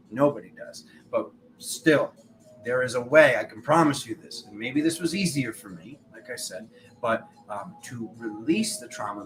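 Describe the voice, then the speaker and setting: Bright-voiced rambling male tarot reader. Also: medium pitch, a little hiss or hum, low-quality recording. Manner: rambling, acts out quoted voices. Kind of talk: spiritual tarot reading monologue.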